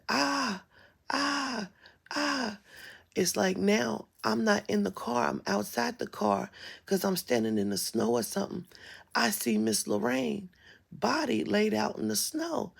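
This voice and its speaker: Very gravelly, husky-voiced woman. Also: mid-range voice. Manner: emphatic and profane, drops to a whisper at times. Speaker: spiritual vlogger. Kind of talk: casual storytelling on a live stream.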